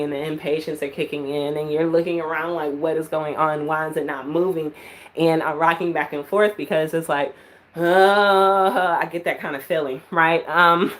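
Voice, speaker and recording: A woman giving live-stream psychic readings, chatty and full of filler words, at times laughing. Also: fairly low pitch. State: out of breath. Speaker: psychic reader.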